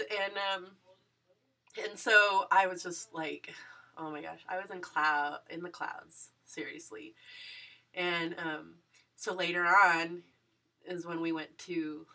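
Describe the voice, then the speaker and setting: A woman's voice: fairly low pitch, fairly even intonation, measured pace, pushed and bright, far from the mic. A young woman vlogger gushing through a personal story, full of fillers and giggles.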